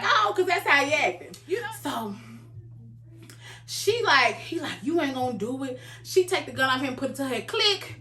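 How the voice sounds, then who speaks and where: A young adult woman hosting a reaction video, recapping an episode in casual, animated storytelling and acting out the characters' lines. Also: high voice, moderate pace. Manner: animated storytelling, acts out characters' lines, calls viewers "baby". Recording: echoey room, faint background noise.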